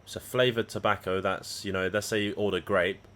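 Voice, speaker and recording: Lowish voiced guy streaming, rambly casual chat, swears a lot. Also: fairly even intonation, a little fast, a bit bright. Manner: rambling, profane banter. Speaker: live trading streamer.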